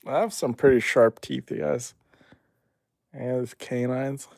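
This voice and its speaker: A young man streaming and reading chat, teasing his viewers playfully and then turning soft and reassuring. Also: medium pitch, steady tone, measured pace, gravelly, no room sound, studio quality.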